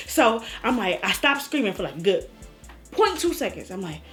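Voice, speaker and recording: A woman vlogger tells a personal story casually, her voice sitting high and moving a little fast. She's animated, acting out her own cries and the lines other people said. Faint music plays behind her.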